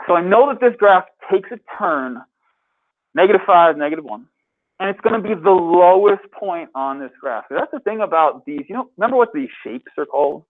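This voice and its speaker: A man with a fairly high voice teaches math to a classroom, upbeat and constantly quizzing his students. The sound is thin and tinny, like a phone line. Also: lively intonation, brisk. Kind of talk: classroom lecture. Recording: tinny phone-like lecture capture.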